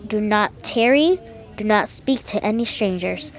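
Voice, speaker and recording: A woman's voice: medium pitch, lively intonation, measured pace, soft background music. A woman voicing a stern, caring mother in a storybook reading, giving a firm warning.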